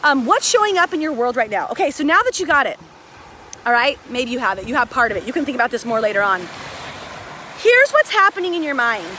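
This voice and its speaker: A woman hosting a casual motivational live stream outdoors on a beach, filmed on a phone, chatty and excitable, a little out of breath. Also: high voice, fast talker. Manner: chatty, excitable, greets viewers by name. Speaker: live video host. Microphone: phone held by a friend. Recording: faint surf noise outdoors.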